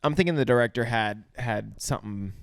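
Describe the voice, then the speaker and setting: A man's voice: medium pitch, a little fast, vocal fry, dry recording, studio quality. A man co-hosting a podcast, joking casually about a movie. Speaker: podcast co-host. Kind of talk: casual movie review chat.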